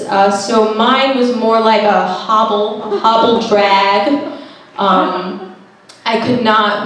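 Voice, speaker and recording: A young woman doing a stand-up comedy set, self-deprecating and jumping into lively voices for the people in her stories. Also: mid-range voice. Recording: roomy echo, heard from a distance.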